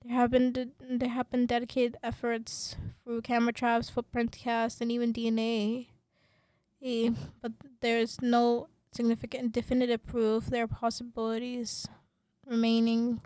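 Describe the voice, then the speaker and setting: A woman hosting a student radio podcast, talking with passion and many fillers, then reading her script in a calmer presenter voice. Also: fairly high pitch, normal speed, no room sound. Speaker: podcast host.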